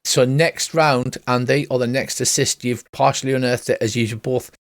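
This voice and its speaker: A man narrating and running a tabletop game online as game master, in a brisk, dry, bantering way. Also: medium pitch, steady tone, no room sound.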